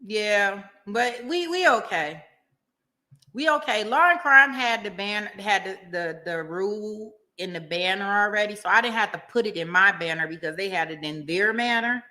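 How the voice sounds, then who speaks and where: A woman's voice: medium pitch, lively intonation, moderate pace, bright, forceful tone. A woman hosting a casual livestream, reading out viewer comments, laughing often and chatting to her viewers in a slangy, easygoing way. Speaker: livestream host.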